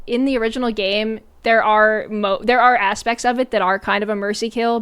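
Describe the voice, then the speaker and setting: Woman, streamer, casual sarcastic commentary, lots of fillers, smooth clear voice. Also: mid-range voice. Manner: chatty and sarcastic, many fillers and "like"s.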